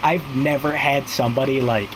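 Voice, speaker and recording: A man chats casually and rambles through a long story, stacking up fillers and acting out what everyone said. His voice sits at an ordinary pitch. A steady hum of noise runs underneath him. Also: normal speed. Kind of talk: casual chat.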